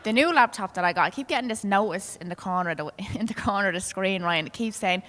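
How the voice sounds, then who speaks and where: A woman's voice: medium pitch, fast talker, hardly any pauses, a bit bright, long reverb tail, a little hiss or hum. A woman with a Dublin accent performing a stand-up comedy set, brash and swearing as she tells stories to the room. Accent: Dublin Irish. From Ireland. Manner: brash, swearing, conversational storytelling. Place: comedy club stage.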